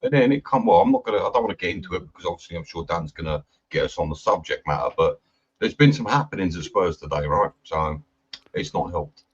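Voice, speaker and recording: A man guest, excitable and rambling, repeating his words. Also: low-pitched, fast, breathy edge. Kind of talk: casual chat. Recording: muffled lo-fi mic.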